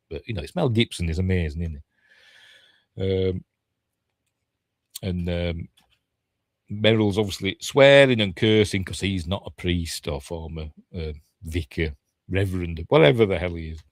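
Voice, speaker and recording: Yorkshire man, lowish voice, dry close sound, chatty film commentary, thinks out loud. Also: no echo. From Yorkshire, England. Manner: rambling, thinks aloud, self-correcting. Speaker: film reviewer. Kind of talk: casual watch-along film commentary.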